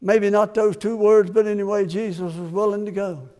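High-voiced impassioned preacher man. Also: little pitch movement, moderate pace, mellow. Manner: impassioned preaching with rhetorical questions. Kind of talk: sermon. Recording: long hall reverb.

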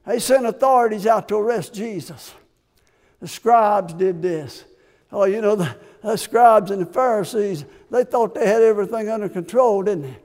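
A man's voice: sits high, normal speed, darkish tone. A man preaching a sermon with passion, asking his congregation rhetorical questions. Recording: long hall reverb.

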